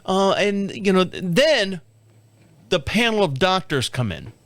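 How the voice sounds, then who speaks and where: A man's voice: high voice, big pitch swings, slow, a bit bright, no room sound. A man in his fifties hosting a podcast, telling a story in a casual, candid way, swearing and laughing often. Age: 50s. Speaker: podcast host.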